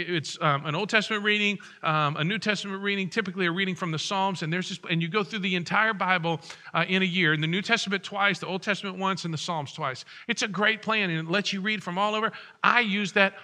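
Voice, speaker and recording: A man's voice: high voice, bright, forceful tone. A middle-aged man preaching a sermon as pastor, conversational and joking with his congregation.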